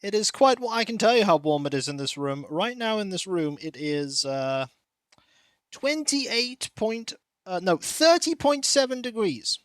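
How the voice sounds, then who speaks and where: A man streaming a game from a warm room at home, rambling and chatty, greeting viewers by name and cooing softly to his cat. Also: sits high, lively intonation, measured pace, no echo. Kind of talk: casual stream chat.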